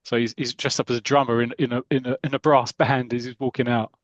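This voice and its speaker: Male podcast host, chatty storyteller, mid pitch, dry close mic. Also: level tone, fast talker, no echo, highs cut off. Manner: chatty, restarts, does character voices. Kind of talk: casual retelling of a comic story.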